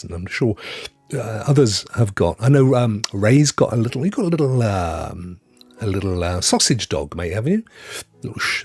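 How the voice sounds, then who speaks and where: A man's voice: on the low side, a little mellow, husky, no room sound. A middle-aged man hosting a live stream, chatting casually with rambling asides and frequent laughs as he reads out good news stories.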